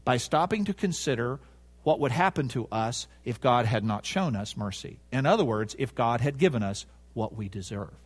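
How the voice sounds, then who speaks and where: A man's voice: medium pitch, animated, moderate pace, breathy edge. A man preaching a sermon, emphatic, repeating key words and asking the congregation rhetorical questions.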